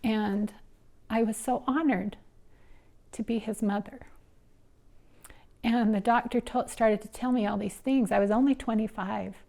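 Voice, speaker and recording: A middle-aged woman telling her personal story in an earnest, emotional way, her voice going soft and breathy at the tender moments. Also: on the high side, fairly even intonation, measured pace, long pauses. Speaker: interviewee, nonprofit founder and mother. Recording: soft music underneath.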